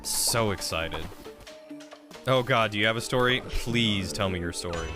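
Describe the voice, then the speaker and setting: A man streaming a game and chatting casually, telling an animated story. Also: unhurried, over music. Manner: animated storytelling, rising pitch when quoting an argument. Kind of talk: casual gameplay stream chat.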